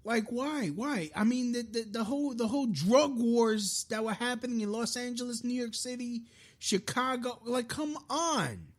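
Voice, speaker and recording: A man's voice: very high voice, animated, normal speed. Man, podcast host, live-streamed rant, frustrated, profane, many restarts.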